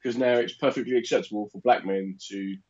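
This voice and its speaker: A man's voice: lowish voice, steady tone, brisk, a little mellow, muffled recording. A man co-hosting a podcast in casual chat, with a dry, teasing, wry manner. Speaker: podcast co-host.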